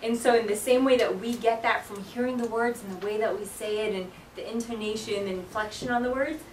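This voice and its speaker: A woman's voice: a little high, fairly even intonation, fairly quick, darkish tone, slight background noise. A young woman teaching a sign language class in casual chat, full of "like" and "um", acting out song lyrics as she explains. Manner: chatty, lots of "like" and "um", acts out lyrics. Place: classroom with students. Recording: echoey room, voice from far off.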